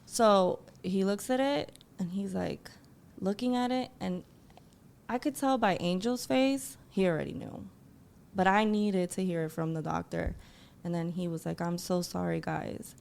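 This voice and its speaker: A woman guest telling an emotional personal story, acting out what people said with lively quoted voices. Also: unhurried, vocal fry. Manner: animated, acts out quotes in a higher voice.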